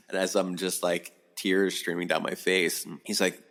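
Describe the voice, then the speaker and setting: Deep-voiced man telling a rambling story. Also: normal speed, few pauses. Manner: rambling, animated, swears often. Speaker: podcast guest. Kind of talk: casual storytelling.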